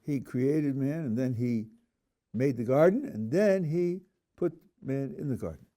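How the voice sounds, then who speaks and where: A man's voice: mid-range voice, expressive, unhurried, dark tone. A man, a rabbi, teaching a text class, reading verses aloud and then questioning them with dry humor. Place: yeshiva classroom.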